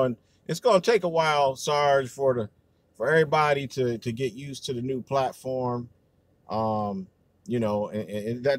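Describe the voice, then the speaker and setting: Brief: male livestream host, mid pitch, AAVE speech, rambling and cussing, dry close sound. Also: no room sound. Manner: loose, profane, rambling with many fillers. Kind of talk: casual livestream talk.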